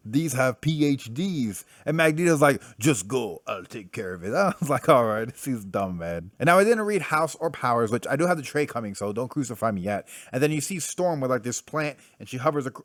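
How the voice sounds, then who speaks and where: A young man giving a casual spoken comic book review, blunt and animated, swearing freely and full of fillers. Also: medium pitch, dry recording, studio quality.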